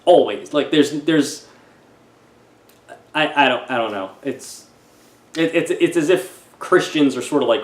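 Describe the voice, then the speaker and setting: A man reviewing a film in a casual, sarcastic rant, halting often and restarting his sentences. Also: a little high, roomy sound.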